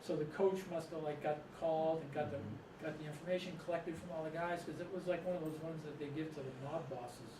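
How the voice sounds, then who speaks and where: A man's voice: fairly high pitch, steady tone, quick pace. A middle-aged man from Massachusetts, telling rambling stories to a live audience and chuckling often. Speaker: author and storyteller. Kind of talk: storytelling talk to a live audience. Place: room with an audience. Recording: echoey room, distant mic, noisy.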